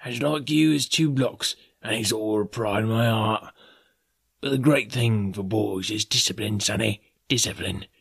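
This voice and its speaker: Man putting on a sly pirate voice, gravelly, husky, fawning and sneering, drawn-out storybook delivery. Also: lowish voice, no echo, clean studio sound, exaggerated voice. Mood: wheedling. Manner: wheedling, half fawning, half sneering. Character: sly fawning middle-aged male pirate. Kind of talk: audiobook character voice.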